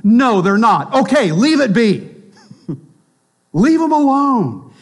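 A man with a high, bright-pitched voice preaching a sermon in a casual, talky way. He keeps checking in with his listeners and slips into the voices of the people he quotes. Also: big pitch swings, takes it slowly. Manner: conversational preaching with frequent tag questions; acts out quoted voices of both sides. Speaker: pastor.

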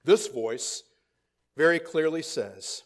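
A pastor preaching a sermon, emphatic, repeating key phrases and dropping into quiet asides. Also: male voice, a little high, expressive, takes it slowly.

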